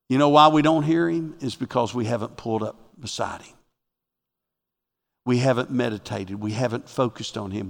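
A man preaching a sermon as a pastor, animated and swinging from loud to hushed. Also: fairly high pitch, long reverb tail.

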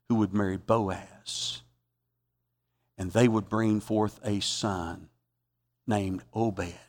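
A man preaching a sermon as a pastor, emphatic and repetitive, swinging from loud exhortation to quiet reflection. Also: lowish voice, big-room sound. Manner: repeats phrases for emphasis.

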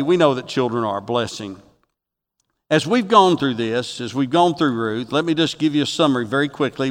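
A middle-aged man preaching a sermon from the pulpit in a church, telling folksy jokes and stories, with his voice getting louder at the punchlines. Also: medium pitch. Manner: folksy storytelling with jokes, rising loud for punchlines. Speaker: pastor. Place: church sanctuary. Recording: long reverb of a church hall.

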